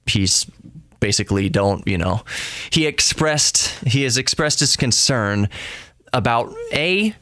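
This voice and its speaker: A man's voice: mid-range voice, lively intonation, slow, sharp tone, dry recording. A man hosting a podcast, chatting casually and joking as he tells a story about his family. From Texas. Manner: chatty, self-interrupting, joking. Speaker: podcast host.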